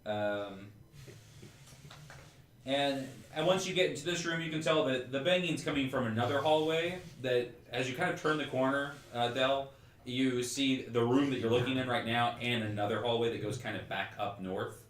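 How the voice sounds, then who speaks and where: A man's voice: mid-range voice, moderate pace, fairly bright tone, echoey room, slight background noise. Rambling man running a tabletop game. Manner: casual and rambling, many fillers like "like" and "um". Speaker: game master.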